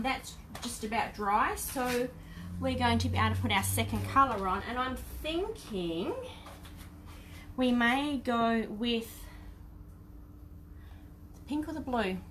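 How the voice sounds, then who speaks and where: Australian woman, fairly high voice, friendly craft-tutorial host chatting to live viewers while painting. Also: noisy background. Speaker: craft teacher. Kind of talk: live-streamed painting demonstration.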